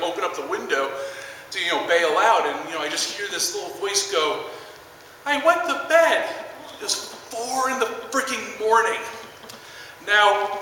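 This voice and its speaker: A man's voice: fairly high pitch, bright, forceful tone, heavy reverb, in a large hall, distant mic, a little hiss or hum, low-quality recording. A man in his twenties doing stand-up, rambling through a story with lots of fillers. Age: 20s. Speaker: stand-up comedian. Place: large theater stage.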